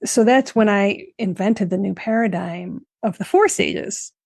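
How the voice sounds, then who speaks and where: Woman podcast host, earnest explainer, mellow tone with fry. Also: medium pitch, a little slow, dry recording, studio quality. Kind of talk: interview talk.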